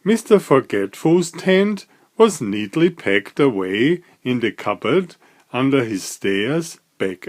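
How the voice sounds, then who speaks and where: A man reading a children's picture book aloud, with slow, lively storytelling. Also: medium pitch. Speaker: storybook reader.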